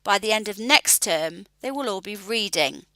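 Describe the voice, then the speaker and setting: A woman, a literacy educator calmly explaining a reading assessment in a clear, measured voice-over. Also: mid-range voice, dry recording, poor audio.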